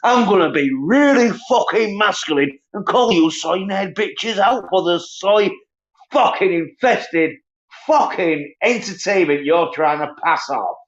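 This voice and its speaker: A man rants alone on a livestream, swearing constantly and dragging out his words slowly. His voice sits a little high for a man. The stream audio is dull and lo-fi. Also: lively intonation. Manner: profane, ranting, mocks others in high whiny voices. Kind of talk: angry solo livestream rant.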